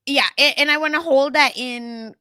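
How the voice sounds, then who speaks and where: A young woman from India, co-hosting a podcast in a casual chat, animated and laughing as she acts out family quotes. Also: sits high, moderate pace, dry recording, clean studio sound. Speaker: podcast co-host.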